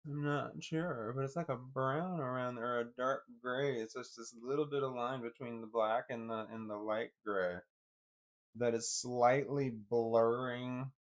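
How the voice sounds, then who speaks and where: A man on a live stream, thinking aloud in a halting way, often repeating words as he works through what he sees. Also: medium pitch, fairly even intonation, lo-fi sound.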